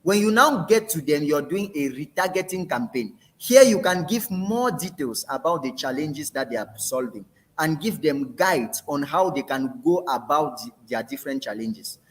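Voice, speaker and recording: A man leads a training session in a fairly high, lively voice that rises and falls a lot. He repeats key phrases for emphasis and drops in casual asides as he explains. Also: moderate pace.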